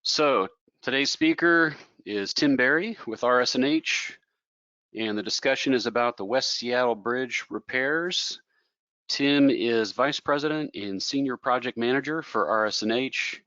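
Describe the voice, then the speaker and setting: A man's voice: mid-range voice, unhurried, bright, forceful tone, no echo, dull audio. A man moderating a webinar, reading housekeeping notes and a speaker introduction. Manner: reads announcements and a speaker bio.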